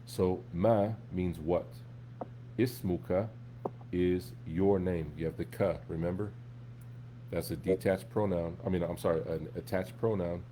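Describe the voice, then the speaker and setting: A man teaching an Arabic class in a relaxed, conversational way, often checking in with his students. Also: deep voice, a little slow, a little hiss or hum. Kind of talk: live classroom lesson.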